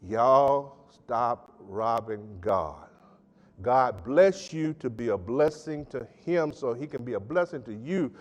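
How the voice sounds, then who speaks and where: A man pastor preaching a sermon with emphatic call-and-response delivery, swinging between loud and soft. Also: medium pitch, expressive, normal speed, few pauses, lo-fi sound. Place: church sanctuary. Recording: church hall with long reverb.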